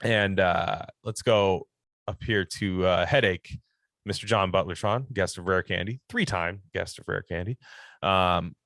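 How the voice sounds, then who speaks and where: A man's voice: deep voice, measured pace, fairly bright tone, no room sound, clean studio sound. A young man hosting a casual solo sports podcast, rambling and opinionated, swearing now and then and reading out listener questions.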